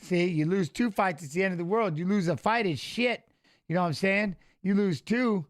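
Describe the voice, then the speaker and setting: A man with a notably high voice gives loose, live commentary while watching fights. He rambles, talks straight to the viewers in chat, and gets openly emotional about the action. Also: normal speed.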